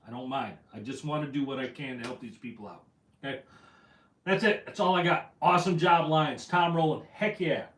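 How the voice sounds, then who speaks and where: A man's voice: a little high, a little fast, a bit bright. A man hosting a casual fishing livestream, reading out viewer comments in a rambling, self-deprecating way. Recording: echoey room, voice from afar.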